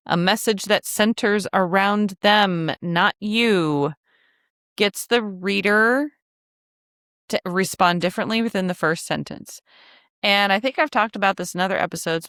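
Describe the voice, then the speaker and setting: Chatty woman podcast host, smooth voice. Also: medium pitch, a bit bright, no room sound, studio quality. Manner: chatty, joking asides, frank. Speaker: podcast host, travel agency coach. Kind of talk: casual teaching podcast.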